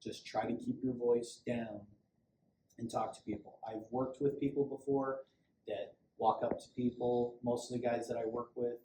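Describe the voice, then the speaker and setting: A man's voice: medium pitch, little pitch movement, moderate pace. A middle-aged man, a police sergeant, giving a casual safety training talk in a conversational, rambling way with frequent restarts. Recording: echoey room, faint background hum.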